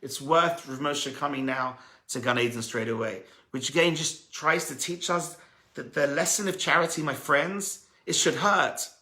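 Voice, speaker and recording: A man, a rabbi, telling a story as a sermon, animated and acting out the voices of the people in it. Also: fairly high pitch, normal speed, echoey room.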